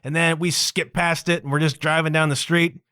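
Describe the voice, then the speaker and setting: A man hosting his own podcast, telling a story in a casual, animated way and stretching out words for emphasis. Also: fairly high pitch, fairly quick, smooth, no echo, studio quality. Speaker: podcast host.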